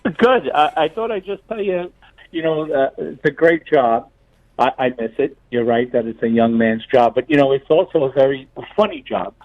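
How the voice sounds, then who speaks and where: A man's voice: medium pitch, lively intonation, moderate pace, dull audio. An older retired police officer from New City, phoning in to tell stories in a chatty way, repeating words as he goes. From New York City. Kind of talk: phone-in storytelling.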